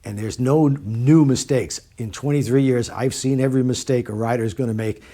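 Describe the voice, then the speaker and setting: A man's voice: medium pitch, a little fast, dark tone. A middle-aged man, a motorcycle riding instructor, talking casually to the camera in a plain-spoken way and repeating his points for emphasis.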